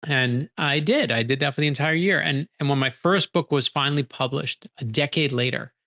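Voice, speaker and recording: A man, a guest author, telling stories in an energetic, animated conversational way and acting out quoted dialogue. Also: on the high side. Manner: energetic, animated, quick bursts when excited. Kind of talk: conversational storytelling.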